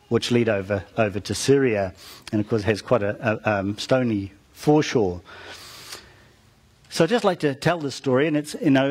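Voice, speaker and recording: Male preacher, husky mid voice, dramatic storytelling sermon with asides to the congregation. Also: mid-range voice. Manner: dramatic retelling that drops soft at phrase ends; talks to the listeners with asides.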